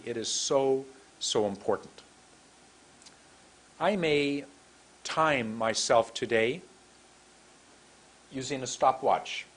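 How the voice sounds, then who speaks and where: A man teaching English pronunciation to camera, speaking in a drawn-out, emphatic way and demonstrating mouth positions. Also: medium pitch, a bit bright. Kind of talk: slow deliberate teaching to camera. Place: room with a computer and camera.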